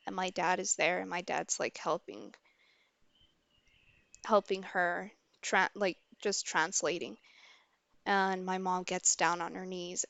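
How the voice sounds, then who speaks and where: A woman's voice: mid-range voice, fairly bright tone, dry recording. Candid young woman telling a story. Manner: candid and halting, with many restarts. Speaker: streamer. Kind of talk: casual personal storytelling.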